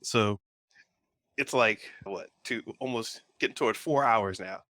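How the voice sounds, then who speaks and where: A man's voice: lowish voice, a little slow, dry recording. A man co-hosting a pop culture podcast, telling a rambling story in casual chat. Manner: rambling storyteller, animated retelling. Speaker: podcast co-host.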